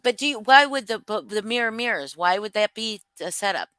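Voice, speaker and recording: A woman's voice: mid-range voice, expressive, brisk, bright, forceful tone, smooth, dry recording. Blunt, swearing young woman host. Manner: blunt, swears freely, rambling restarts. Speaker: livestream co-host. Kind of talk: casual gossip commentary chat.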